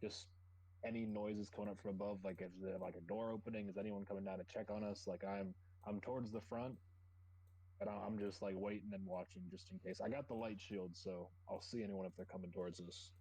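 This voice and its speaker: Tabletop player, adult man, lowish voice, relaxed chatty talk with repeated starts. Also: a little fast, no echo, poor audio. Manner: chatty, repeats words when starting sentences. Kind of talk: casual game chat.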